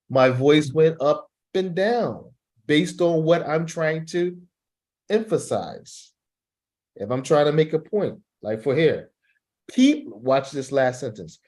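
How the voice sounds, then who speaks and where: A man's voice: mid-range voice, darkish tone. A man teaching English who coaches students on reading aloud. He models sentences with strong emphasis and checks in often with "right?" and "okay?".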